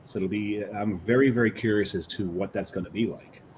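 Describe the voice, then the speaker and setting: Male co-host, low voice, jokey banter, slight background noise. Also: steady tone, brisk, a little mellow. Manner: joking, chatty. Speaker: podcast co-host. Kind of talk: casual chat.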